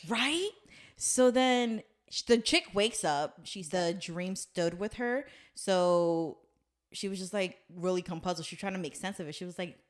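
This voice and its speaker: A woman's voice: lowish voice, measured pace. A woman hosting a casual chat, retelling a story in a loose, rambling way with some swearing. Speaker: podcast host.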